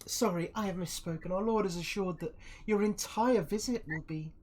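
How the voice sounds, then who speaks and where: A man's voice: sits high, moderate pace, slight background noise, voice pushed up, natural voice. A man voicing a fawning, playfully threatening woman cultist in a skull mask, with a gushing, sing-song delivery.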